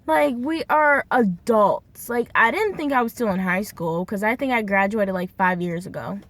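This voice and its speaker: A woman's voice: medium pitch, moderate pace, a bit bright. Young woman in her twenties, vlog rant; swears freely, acts out the people in her story. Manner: heated, profane, acts out the people she quotes. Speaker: vlogger.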